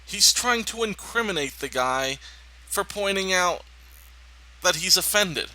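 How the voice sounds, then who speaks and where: A man giving indignant, emphatic political reaction commentary on a video clip, pausing to talk over it. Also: high voice, lively intonation, sharp tone, rough recording.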